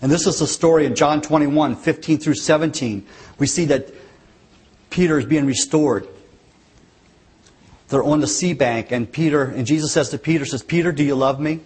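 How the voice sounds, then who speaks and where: A man's voice: fairly high pitch, normal speed, pauses often, darkish tone, husky. A man preaching a sermon, telling the story earnestly and dramatically, with changing emphasis.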